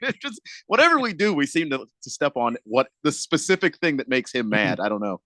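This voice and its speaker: A man co-hosting a radio talk show, dropping low-key, deadpan quips. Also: fairly quick, dry recording. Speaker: radio co-host. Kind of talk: casual sports radio banter.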